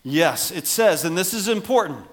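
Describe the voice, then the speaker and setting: A middle-aged man preaching a sermon as pastor, animated, acting out voices for emphasis. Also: high-pitched, normal speed.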